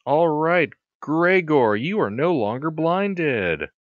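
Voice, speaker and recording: A man's voice: fairly high pitch, big pitch swings, takes it slowly, dry recording, dull audio. A man running a tabletop game as game master on a live stream, talking casually and crudely, often restarting his sentences. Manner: casual, crude, stumbles and restarts when explaining.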